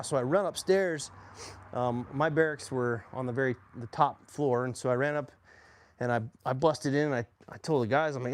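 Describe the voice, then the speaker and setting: A man's voice: mid-range voice, moderate pace. A man in his forties, an army veteran, telling his own story in a casual, plainspoken way with faint hum behind him. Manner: plainspoken, animated when quoting others.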